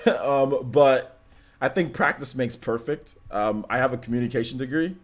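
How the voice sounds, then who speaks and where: A young man hosting a casual livestream, reading chat questions and answering in a relaxed, rambling way with many ums and likes. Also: moderate pace. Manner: lifts voice when animated, drops to flat low tone otherwise. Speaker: livestream host.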